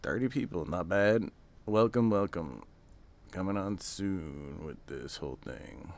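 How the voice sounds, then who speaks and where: A man's voice: low-pitched, expressive, a little slow, vocal fry. An American man hosting a casual live stream, rambling and chatting while he answers his viewers' comments. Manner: rambling, chatty, reads and answers chat aloud. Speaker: streamer hosting a live reveal watch party.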